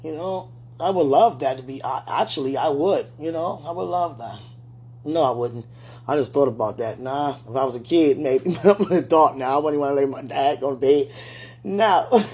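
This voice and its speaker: A woman's voice: low-pitched, moderate pace, mellow, a little hiss or hum. Pleading woman praying aloud. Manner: repetitive, pleading, talking to herself. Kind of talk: emotional spoken prayer.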